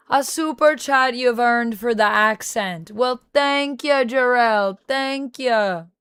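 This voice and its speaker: A woman's voice: mid-range voice, clear, resonant tone, no echo, studio quality. A woman streamer chatting casually on a livestream, putting on a Jamaican accent that keeps slipping into Irish, playful and reading out viewer messages. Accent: put-on Jamaican accent slipping into Irish.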